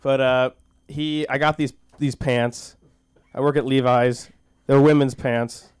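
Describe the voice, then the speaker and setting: A man doing stand-up and a recited monologue at an open mic on a small comedy school stage, rambling and goofy with halting restarts and self-deprecating jokes. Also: medium pitch, level tone, clean tone, no room sound. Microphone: handheld stage mic.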